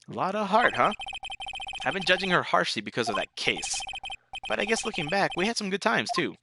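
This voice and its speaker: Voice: medium pitch, very animated, fairly quick. A let's player casually reading the game's text aloud, with joking asides. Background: game music.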